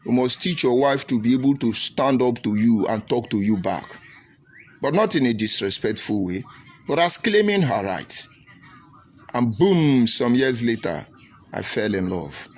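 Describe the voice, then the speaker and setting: A middle-aged Nigerian political commentator delivers preachy broadcast commentary, repeating phrases for emphasis. His husky, mid-range voice has lively intonation and a slightly slow pace.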